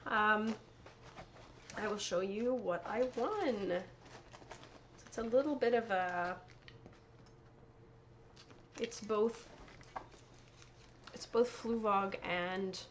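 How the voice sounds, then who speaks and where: A woman's voice: mid-range voice, extremely slow, long pauses, muffled recording, a little hiss or hum. A woman hosting a knitting podcast, chatting casually and showing off her yarn and prizes, often correcting herself and laughing. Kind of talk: casual show-and-tell chat.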